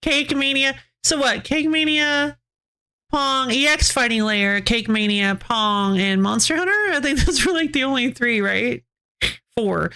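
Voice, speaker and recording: Bright, chatty woman streamer. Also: on the high side, measured pace. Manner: rambling, restarts sentences, giggles often. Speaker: game streamer. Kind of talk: casual live-stream chat, answering chat.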